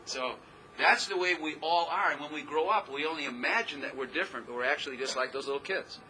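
A man's voice: fairly high pitch, fast talker, sharp tone, a little hiss or hum, low-quality recording. A man preaching a casual, rambling sermon as pastor, often laughing at himself as he talks.

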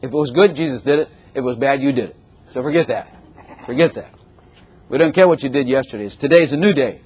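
A man preaching a sermon in a lively, conversational way, with sudden exclamations. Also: medium pitch, quick pace, slightly rough.

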